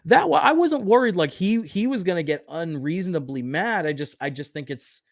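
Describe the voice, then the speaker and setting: Streamer host, male, loose and profane, self-mocking, slightly raised pitch, dead-dry mic. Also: animated, fairly quick, no room sound. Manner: profane, self-deprecating, rambling; reads viewer comments aloud. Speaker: livestream host. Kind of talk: casual solo livestream chat.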